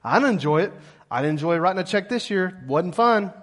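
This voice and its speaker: A middle-aged man preaching a sermon as pastor, lively and calling on the congregation to answer back. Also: sits high, a little fast. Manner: lively, calls congregation to respond.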